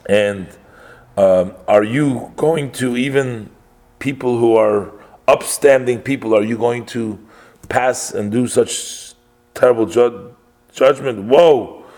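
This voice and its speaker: A man's voice: mid-range voice, slow pace, darkish tone. A man voicing a distraught elderly mother who pleads and cries out in a raised voice. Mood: wailing. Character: distraught elderly mother defying arresting police.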